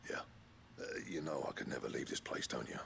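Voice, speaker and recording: An actor playing a gruff, stubborn older blacksmith in a video game, with a gravelly voice and a dry, grudging manner. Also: male voice, a little fast, a bit bright, whispered, lightly acted.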